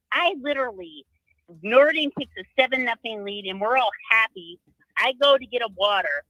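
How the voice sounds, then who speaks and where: A male caller complains bluntly on a live call-in show. His voice is high and bright, and the recording is dry, with no room sound. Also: no room sound, low-quality recording. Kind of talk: phone call-in.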